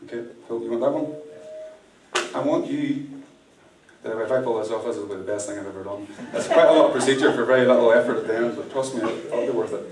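A man's voice: mid-range voice, quick pace, crowd noise. A man performing live mind-reading magic, playfully teasing and directing volunteers from the stage. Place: large indoor venue with audience. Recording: echoey room, distant mic, faint noise.

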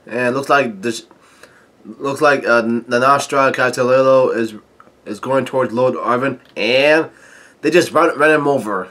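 Male vlogger with a bright, forceful voice, casually recapping a comic chapter in a stop-start way and reading quotes fairly flat. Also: medium pitch. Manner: halting, stop-start delivery with frequent filler sounds; reads quoted lines in a mostly flat voice. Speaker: manga chapter reviewer.

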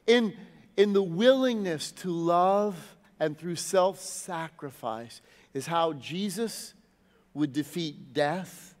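High-voiced man preaching in a hall. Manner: preaching with big swings, dropping low and soft at phrase ends, rising to shouts. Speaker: pastor. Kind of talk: sermon.

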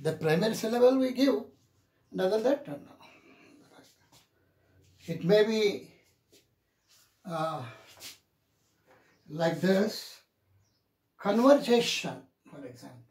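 Slow, deliberate male teacher in echoey room. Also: high-pitched, animated, darkish tone. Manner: slow and deliberate, repeating example words several times. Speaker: English teacher. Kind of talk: classroom lecture on pronunciation.

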